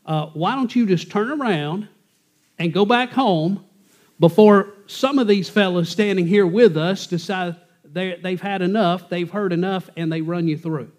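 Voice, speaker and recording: A man's voice: high voice, unhurried, darkish tone. A man voicing armed men who bluntly warn a pursuer to go home.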